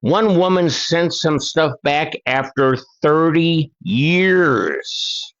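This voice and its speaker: A man's voice: on the high side, expressive, very slow, fairly bright tone, muffled recording. An older man hosting a paranormal channel, reading letters aloud with chatty asides to his viewers. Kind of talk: casual reading of letters and articles.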